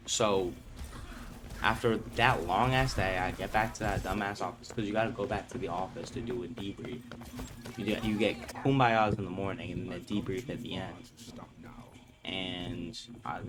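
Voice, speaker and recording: A young man casually telling a storytime vlog, swearing freely and acting out the people he quotes. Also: sits low. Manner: profane, animated retelling with quoted voices. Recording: music playing clearly behind.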